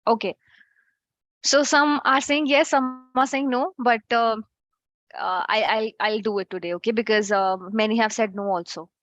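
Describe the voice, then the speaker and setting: A woman's voice: on the high side, steady tone, normal speed, a bit bright, no room sound. A woman teaching an online French class, chatty and checking in with her students.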